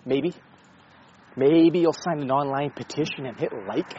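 A man's voice: on the high side, fairly even intonation, measured pace, dark tone, lo-fi sound, slight background noise. A man talking casually in a rambling, sarcastic way, with frequent swearing and self-interruptions. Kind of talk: casual opinion monologue.

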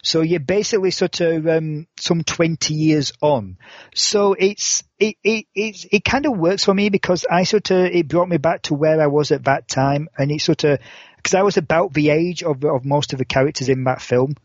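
A man's voice: fairly high pitch, steady tone, normal speed, dry recording. A man in his forties co-hosting a podcast in casual chat, rambling through restarts and fillers with a dry, sarcastic humor. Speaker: podcast co-host. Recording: dull lo-fi sound.

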